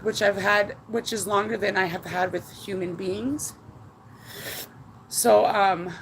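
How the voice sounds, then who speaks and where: A woman's voice: mid-range voice, gravelly, fairly bright tone, slight background noise, poor audio. A woman vlogging from home in a rambling, emotional way, swearing freely and close to tears. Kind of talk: casual chat to viewers. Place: at home indoors.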